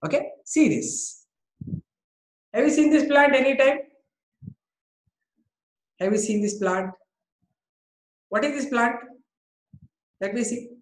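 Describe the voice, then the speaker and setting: A woman's voice: on the high side, slow pace, long pauses, reverberant, rough recording. A woman with an Indian English accent teaching a biology class, coaxing students and praising them by name.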